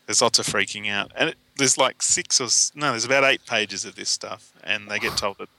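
A man recaps comic book stories for a podcast, chatty and wry. His voice is gravelly and sits a little low. It also has a very bright, crisp edge. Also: fairly quick, dry recording, poor audio. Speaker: podcast co-host. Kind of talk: casual comic book discussion.

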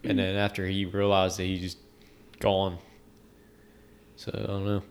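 A man with a lowish voice speaks haltingly, unsure of his memory. His sentences fade out quietly in casual talk. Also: monotone. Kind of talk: casual podcast chat.

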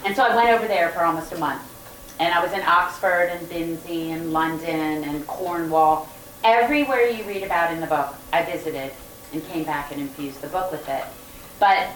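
Animated woman telling stories in a roomy hall. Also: on the low side, a little hiss or hum. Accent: Southern American. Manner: animated, laughing storyteller. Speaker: guest author. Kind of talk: storytelling to a live audience. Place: event room with audience. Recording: roomy, distant mic with faint ambience.

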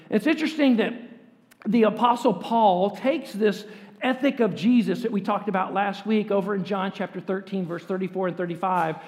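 A man preaching a sermon as pastor, earnest and emphatic, with rising bursts of force. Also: high-pitched. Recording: long hall reverb.

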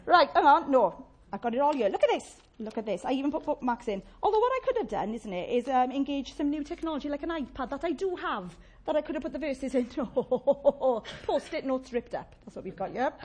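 A woman preaching a sermon, chatty and warm-humoured, often asking the congregation questions and laughing. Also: sits high, very animated, a little fast, few pauses, a little hiss or hum.

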